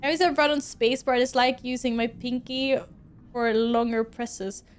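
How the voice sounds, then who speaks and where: At a normal speed and in a steady tone, this slightly high-voiced young Swedish woman chats with her audience during a casual home game stream. She giggles often as she plays.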